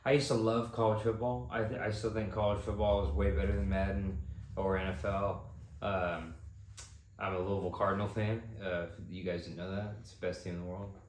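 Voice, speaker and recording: A young man co-hosting a podcast tells stories in casual, animated chat, speaking a little fast. When he imitates shouts, his voice jumps sharply higher. The room is echoey with faint background noise.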